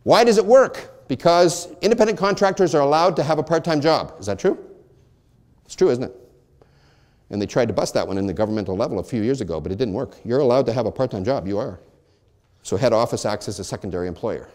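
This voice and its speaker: Lively man giving a seminar talk. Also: medium pitch, fast talker. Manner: asks and answers his own questions, voicing both sides. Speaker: real estate brokerage presenter.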